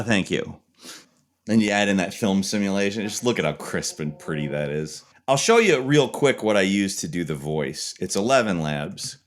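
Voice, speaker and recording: A young man giving a casual tutorial walkthrough, chatty and jokey. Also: fairly low pitch. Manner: animated, jokey, chatty explaining. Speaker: video creator.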